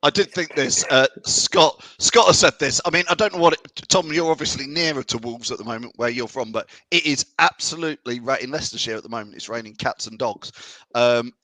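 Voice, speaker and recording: A man's voice: medium pitch, a little fast, pushed and bright, dry recording. A man hosting a fan show, reading out viewer comments and bantering in a chatty way. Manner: chatty, banter-filled, laughs often. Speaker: fan channel show host.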